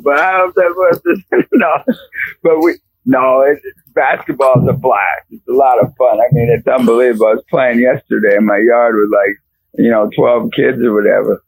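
Raspy, fervent man telling a story. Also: mid-range voice, normal speed, no room sound, poor audio. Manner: fervent, storytelling with shouted exclamations. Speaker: guest. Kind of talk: animated faith testimony.

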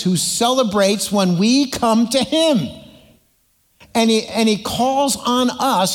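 A man preaching a sermon as pastor, telling stories with acted voices and prompting the congregation to answer. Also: high-pitched. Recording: hall reverb.

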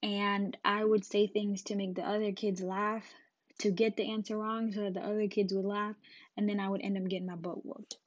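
A woman's voice: mid-range voice, little pitch movement, moderate pace, no echo. A woman hosting a podcast, telling a personal story casually and animatedly, acting out the scenes. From Jamaica. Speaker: podcast host. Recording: dull lo-fi dry recording.

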